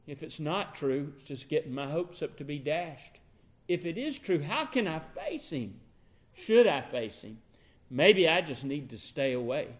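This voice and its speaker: A man acts out a broken-hearted apostle, an adult man pleading aloud over his own failure in a sermon retelling. The voice rides high and climbs as the anguish builds, with slow, drawn-out lines. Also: very animated. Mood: remorseful. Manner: anguished, pleading self-reproach. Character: grieving remorseful adult male apostle.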